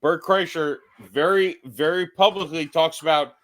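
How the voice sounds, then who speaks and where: A tipsy man co-hosting a podcast, ranting loudly and profanely in casual chat. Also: a little high, moderate pace. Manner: loud, profane, animated ranting. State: tipsy from drinking. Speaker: podcast co-host.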